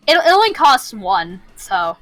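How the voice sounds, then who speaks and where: A woman's voice: mid-range voice, sing-song, measured pace, a bit bright, soft background music. A woman chatting casually while playing a game with friends. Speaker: co-player.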